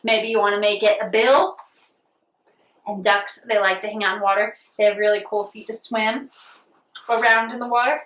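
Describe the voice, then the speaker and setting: A woman leading a playful children's yoga lesson, animated and sing-song as she talks to a child. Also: mid-range voice, moderate pace, roomy sound, distant mic, poor audio. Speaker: kids' yoga teacher. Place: outdoors on a farm.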